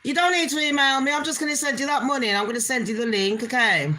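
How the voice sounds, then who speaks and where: A woman's voice: high-pitched, quick pace, sharp tone, a little hiss or hum. A woman hosting her own channel, ranting bluntly in casual commentary and swearing heavily with open scorn. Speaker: channel host.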